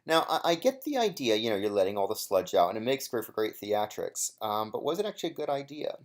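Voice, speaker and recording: Young man, casual commentary, rambling, hesitant, lively pitch. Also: fast talker. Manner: rambling, hesitant, many fillers and restarts. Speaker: former contestant giving episode commentary.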